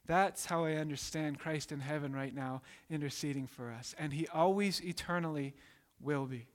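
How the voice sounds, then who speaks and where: A man's voice: a little high, normal speed. A man preaching a sermon, emphatic and direct, sometimes acting out voices. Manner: emphatic, acts out voices in quotes. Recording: long hall reverb.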